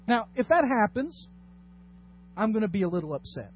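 Male pastor, high voice, sermon with dramatic quiet-to-loud swings, dull lo-fi church recording. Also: big pitch swings, moderate pace, pauses often. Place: church sanctuary. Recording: dull lo-fi sound with faint noise.

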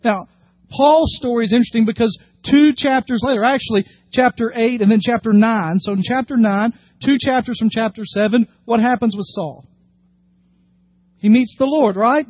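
A man preaching a sermon as pastor, animated when acting out scripture and dropping low and quiet for serious points. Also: normal speed, no echo, dull audio. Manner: animated, acts out scripture quotes with rising emphasis.

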